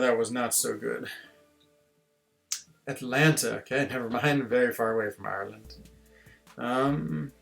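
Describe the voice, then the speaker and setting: Man from switzerland, gravelly voice, casual game-stream chatter, faint music behind. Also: medium pitch, a bit bright. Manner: chatty, self-deprecating, reads chat aloud. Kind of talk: casual gameplay stream chat.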